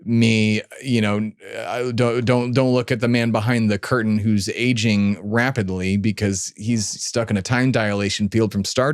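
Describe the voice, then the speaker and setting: A man's voice: medium pitch, dry recording, studio quality. Exasperated swearing podcast guy. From United States. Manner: rambling, exasperated, swears freely. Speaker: podcast co-host. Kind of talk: casual political chat.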